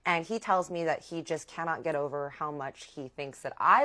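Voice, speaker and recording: Young woman, low voice, casual storytime vlog, animated, chatty. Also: normal speed, few pauses. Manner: chatty, animated, addresses viewers as y'all. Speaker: vlogger.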